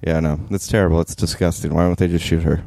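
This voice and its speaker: A man's voice: deep voice, flat delivery, quick pace, creaky, mellow, no room sound, clean studio sound. A man joking casually with a friend while watching a film at home. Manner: joking, wry, chatty. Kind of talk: casual watch-along chat. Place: apartment in Brooklyn.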